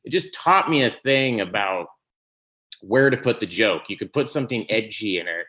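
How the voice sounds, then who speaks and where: Guy with a lowish voice rambling thru funny stories, cracking up a lot. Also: moderate pace. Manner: animated storytelling, laughs often, trails off and restarts. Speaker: guest. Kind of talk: casual conversation.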